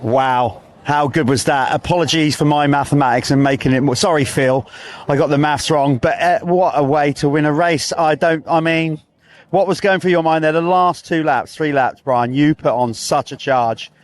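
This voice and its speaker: High-pitched chatty co-commentator. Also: male voice, moderate pace. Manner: animated, chatty, jokey analysis. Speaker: co-commentator and pit reporter. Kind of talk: live motocross commentary.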